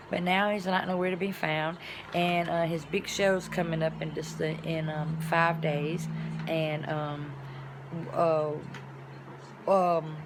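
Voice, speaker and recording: A woman's voice: fairly low pitch, background noise. A woman vlogger talking in a casual, rambling monologue, with colloquial, folksy phrasing and sound-effect words.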